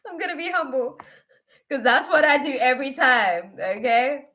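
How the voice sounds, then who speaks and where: A woman's voice: high-pitched, moderate pace, bright, forceful tone. A woman hosting a live tarot reading stream, chatting casually with viewers in an effusive, emotional, rambling way full of fillers. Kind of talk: casual livestream chat.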